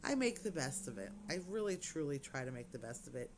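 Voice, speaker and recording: A woman's voice: extremely low pitch, big pitch swings, fairly quick, a little hiss or hum. A woman chatting casually to camera as a crafting vlogger, rambling with lots of "you know"s.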